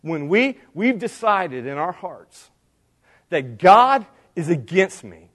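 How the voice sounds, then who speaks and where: Male pastor, high voice, earnest preaching with direct appeals. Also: very animated, slow pace, a bit bright. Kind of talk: sermon.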